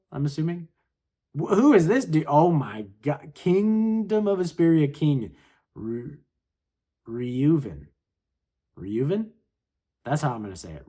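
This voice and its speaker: Slow, laid-back man reacting to a comic. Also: fairly high pitch, dark tone, slightly rough. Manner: laid-back, chatty, full of "like" and "yo". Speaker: manga reaction host. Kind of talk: casual chapter read-along commentary.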